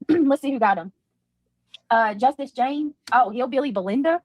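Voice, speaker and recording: A woman's voice: high-pitched, a little slow. A woman on a livestream, casually drawling greetings to her viewers and chatting.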